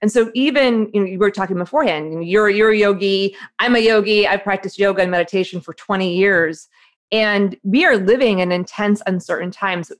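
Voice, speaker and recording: A woman in her forties, an author, telling her story in a lively, quick conversational way and acting out the voices she heard. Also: mid-range voice. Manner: animated, quick storyteller who acts out her inner voice. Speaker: author and guest. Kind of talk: conversational interview.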